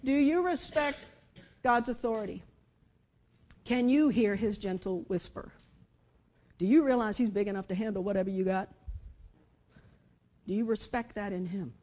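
A woman preaching a conversational sermon, moving between lively emphasis and hushed, quiet passages. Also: mid-range voice, moderate pace, long pauses. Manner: conversational, with dramatic shifts between loud and hushed speech. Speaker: speaker giving a devotional message.

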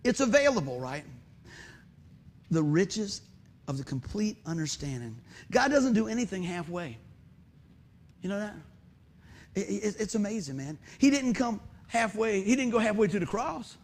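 A high-pitched man delivers a sermon, animated and quick to laugh as he tells his story. His voice sits well above the usual range for a man. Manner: animated, often laughing while telling the story. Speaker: preacher and musician. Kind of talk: sermon with a humorous personal story.

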